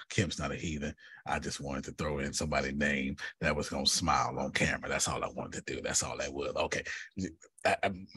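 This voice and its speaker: A man with a low, husky voice leads a group session over a video call. He teaches bluntly and jokes as he calls on people by name. The sound is close and dry. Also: no room sound. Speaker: teacher and coach.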